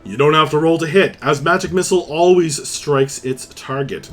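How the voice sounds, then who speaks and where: A man running a tabletop game as dungeon master, narrating the action in a lively, descriptive way with frequent fillers. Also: mid-range voice, normal speed, hardly any pauses, soft background music.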